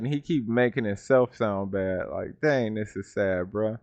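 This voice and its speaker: A man's voice: medium pitch, normal speed, few pauses, no room sound. A man hosting a reaction video in casual commentary, often laughing and mocking in disbelief. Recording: dull lo-fi sound.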